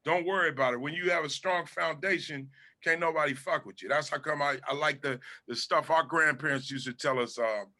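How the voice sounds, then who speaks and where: A man from Southern California, a guest comedian chatting casually in an interview, telling animated stories and swearing freely. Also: fairly high pitch, fairly quick, few pauses.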